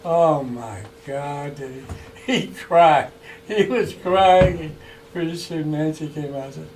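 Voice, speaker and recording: A man telling funny stories about an old friend in a relaxed chat, chuckling and acting out the quotes. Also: on the high side, slow pace. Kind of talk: casual anecdotal storytelling. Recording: distant mic with faint background noise.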